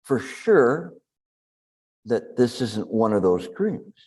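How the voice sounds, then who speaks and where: A man giving a dharma talk as a meditation teacher to a live group, speaking slowly and deliberately with long pauses. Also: mid-range voice, sing-song, a little mellow.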